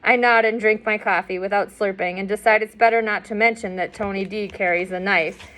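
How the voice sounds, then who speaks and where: A woman's voice: medium pitch, steady tone, brisk, fairly bright tone. A woman reading a novel aloud in a conversational way, with asides and fillers. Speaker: audiobook reader.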